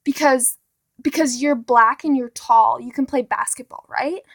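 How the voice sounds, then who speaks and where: A girl doing a shrill, clueless stranger. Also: measured pace, no echo, studio quality. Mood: mocking. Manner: shrill, sing-song, mocking. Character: clueless stranger spouting a stereotype.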